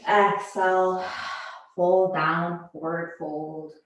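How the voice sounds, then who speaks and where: A woman leads a yoga class, cueing each pose and breath in a slow, unhurried way. Her voice rings out in a strongly echoing room. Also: lowish voice, flat delivery, lo-fi sound. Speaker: yoga instructor. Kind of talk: guided yoga class instruction. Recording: very echoey room.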